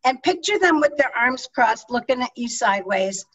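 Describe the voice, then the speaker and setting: A middle-aged woman, a public speaking coach, teaching an online leadership talk with energetic, emphatic delivery over a video call microphone. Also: fairly high pitch, normal speed, slightly rough, recorded from a distance, low-quality recording.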